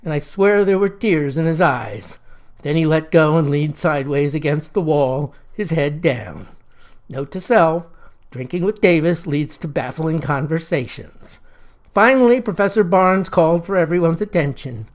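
A man narrating a first-person story in a folksy, wry, deadpan manner. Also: on the high side, moderate pace.

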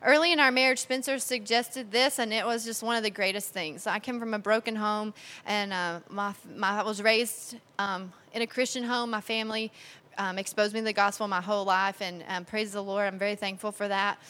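Bright, chatty woman telling stories. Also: fairly quick, long reverb tail. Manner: chatty, animated, laughs while telling stories; acts out quotes in a higher, louder voice. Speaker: speaker sharing marriage advice. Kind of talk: personal talk to an audience.

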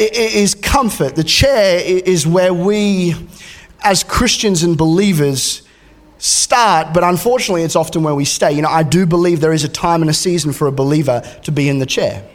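A man, preaching a sermon in a casual way with joking asides and frequent restarts. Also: a little high. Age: 30s. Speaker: pastor.

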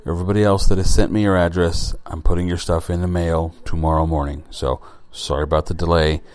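Solo podcast host, man, deep voice, blunt and rambling, swears casually. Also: little pitch movement, a little fast, a little mellow.

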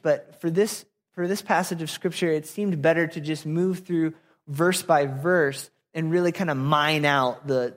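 A young male pastor gives a relaxed, conversational sermon, dotted with ums and uhs. His voice sits a little high for a man. It rings out with a long reverb, as if in a church hall. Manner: casual conversational preaching with fillers.

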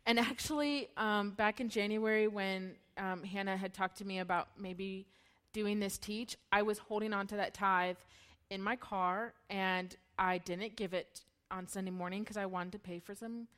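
A woman's voice: mid-range voice, steady tone, moderate pace, fairly bright tone. A woman in her thirties gives a candid, emotional personal testimony at a church gathering and laughs often as she talks. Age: 30s. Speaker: church speaker.

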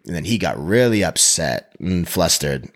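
A man with a fairly low voice tells a story in a relaxed chat. He talks animatedly and swears freely, slipping into the voices of the people he describes. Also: moderate pace. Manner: animated, profane, acts out quotes.

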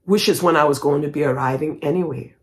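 A woman podcast host telling a personal faith testimony, emotional and animated, breaking into praise. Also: sits low, fast.

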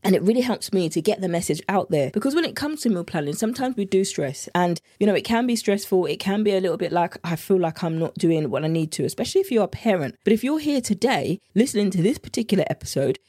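A woman's voice: medium pitch, animated, fast talker, few pauses, warm tone, breathy edge, no room sound, clean studio sound. A woman with a British accent, hosting a podcast as a meal planning coach in an earnest, heartfelt and repetitive solo monologue.

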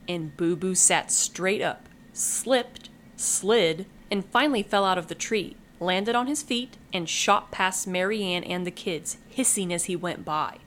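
A woman podcast host reading a children's book aloud, lively and acting out the characters. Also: mid-range voice.

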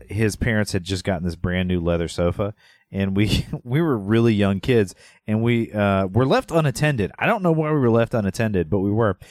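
A man's voice: low voice, darkish tone, no echo, clean studio sound. A man co-hosting a podcast, rambling in a laid-back way and teasing his co-host playfully. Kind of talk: casual chat.

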